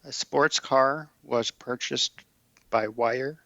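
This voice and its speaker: A man's voice: mid-range voice, steady tone, slow, gravelly, sharp tone, dry recording, dull audio. A man co-hosting a podcast in casual chat, running through news details and checking in with "right?". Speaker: podcast co-host.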